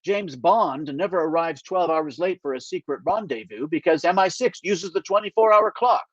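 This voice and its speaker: A man voicing an eager, earnest, slightly self-important narrator who is nervous and excited. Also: a little high, normal speed, no room sound. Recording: dull dry lo-fi recording.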